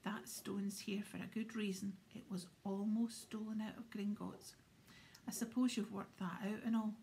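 A woman voicing a big, gruff, proud male gamekeeper in a whispered role-play. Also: mid-range voice, level tone, moderate pace, warm tone, a little hiss or hum, natural voice.

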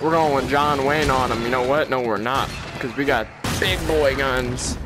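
A man's voice: mid-range voice, measured pace, over music. A man hosting a gaming channel, giving let's-play commentary while nervous, jumpy and laughing often.

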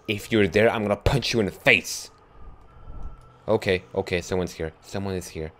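A young man giving let's play commentary on a horror game, swinging from hushed muttering to sudden yelps. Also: low voice, normal speed. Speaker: gaming YouTuber.

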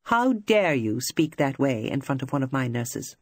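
Reader doing a stern old-school ward sister, cold and bossy, quiet, husky voice. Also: mid-range voice, very animated, moderate pace, no room sound, clean studio sound. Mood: icy. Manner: quiet, icy, disdainful authority.

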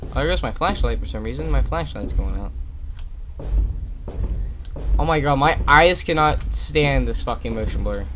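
A man's voice: mid-range voice, animated, normal speed, long pauses, noisy background. A young man commentating a horror game as he plays, swearing often and tossing out sarcastic, irritated asides. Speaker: gaming commentator. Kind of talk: let's play commentary.

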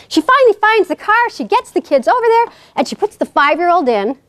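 New York woman, high lively voice, joking guest lecturer, dry sound. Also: brisk, hardly any pauses, no room sound. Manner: animated, joking storyteller. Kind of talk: humorous lecture. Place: college lecture hall.

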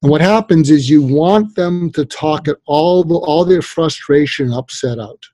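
A man's voice: a little high, normal speed, no room sound. A man being interviewed as a psychologist and author, explaining advice emphatically and lacing his talk with "you know". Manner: emphatic, animated, many "you know" fillers.

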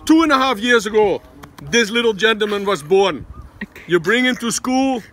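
A man's voice: sits high, expressive, normal speed, a bit bright, slight background noise. A man with a Dutch accent, a vlogger father chatting casually and teasingly, often tagging his lines with "eh?". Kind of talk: casual family vlog chat. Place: outdoors at a busy school.

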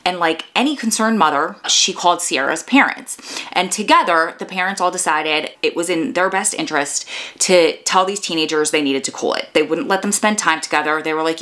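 A woman with a New York accent tells a true crime story like she is chatting with friends. She keeps stepping aside from the case to joke with her viewers. Her voice sits a little low for a woman. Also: animated, brisk, a bit bright. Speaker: true crime podcast host.

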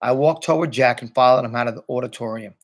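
A man's voice: medium pitch, fast. A man reading a novel aloud in the first person, adding a few casual asides of his own. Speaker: reader.

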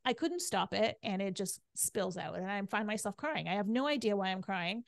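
A woman's voice: mid-range voice, moderate pace, creaky, few pauses, a bit bright, dry recording, studio quality. A middle-aged woman guesting on a podcast, telling her story candidly and chattily, with "like" and "right?" in nearly every sentence.

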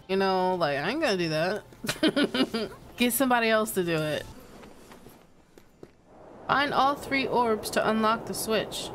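A young woman playing a video game and chatting casually as she goes, excitable and giggly. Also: medium pitch, slight background noise. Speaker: gaming streamer. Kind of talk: casual let's-play commentary.

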